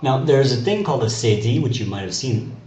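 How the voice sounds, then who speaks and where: A man's voice: mid-range voice, lively intonation, brisk, darkish tone. A man from Canada teaching a class through a video lesson, explaining carefully and spelling out letters one by one. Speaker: French teacher. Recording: echoey room with faint noise.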